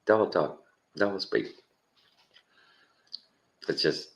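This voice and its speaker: A man's voice: deep voice, unhurried, pauses often, muffled recording. A man from Texas with a Texan accent, giving a rambling, casual opinion monologue. He chuckles often and repeats himself for emphasis. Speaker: commentary host.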